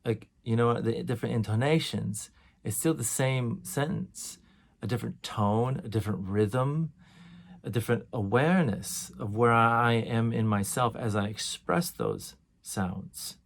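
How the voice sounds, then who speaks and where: A middle-aged man teaching a course on sound healing in a relaxed, conversational way. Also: mid-range voice, measured pace. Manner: relaxed and conversational, demonstrates sighs and tones.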